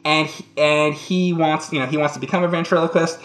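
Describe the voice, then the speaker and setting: A man's voice: a little high, fairly even intonation, fairly quick, a bit bright. A man co-hosting a casual chat, telling rambling stories with laughs and acted-out voices. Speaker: co-host. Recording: roomy echo.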